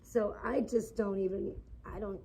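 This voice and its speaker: A woman's voice: mid-range voice, steady tone, measured pace, gravelly, dark tone, slight background noise, rough recording. A woman livestreaming outdoors in the sun, rambling and gossiping in a casual, filler-heavy way.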